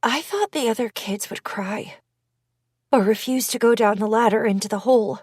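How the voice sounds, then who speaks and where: A woman reading first-person audiobook narration in a measured, deliberate manner. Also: fairly high pitch, darkish tone, breathy edge, no room sound, studio quality.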